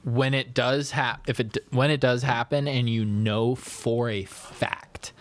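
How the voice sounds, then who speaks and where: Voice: mid-range voice, fairly even intonation, unhurried. A podcast co-host chatting casually, with teasing, wisecracking interjections. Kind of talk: casual chat.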